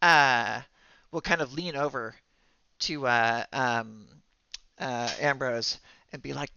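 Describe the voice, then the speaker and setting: A man running a tabletop game as game master, narrating in a halting way with many fillers and restarts. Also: medium pitch, creaky, sharp tone, clear, resonant tone, dry recording, dull audio.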